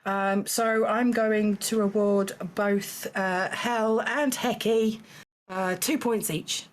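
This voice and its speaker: A woman's voice: medium pitch, fairly even intonation, slow. A woman hosts a live charity game stream. She keeps a dry, teasing tone. Her speech is loose and chatty, full of ums and self-corrections. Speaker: host running a charity game show stream. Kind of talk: casual live-stream hosting.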